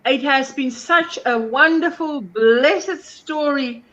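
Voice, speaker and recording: A woman's voice: high voice, slow, fairly bright tone, muffled recording. A South African woman hosting a casual live stream, chatting and reading viewer comments aloud. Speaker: crochet live stream host.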